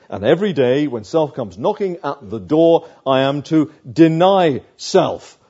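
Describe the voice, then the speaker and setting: A man preaching a sermon, slow and emphatic, with dramatic pauses between phrases. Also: a little high, big pitch swings, mellow, breathy edge, muffled recording.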